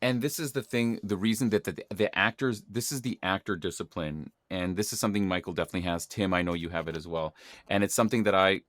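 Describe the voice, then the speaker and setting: Low-voiced man hosting an actors' podcast. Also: fast talker, a bit bright, dry recording. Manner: chatty and emphatic, acts out quoted dialogue. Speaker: podcast host. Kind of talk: casual podcast conversation.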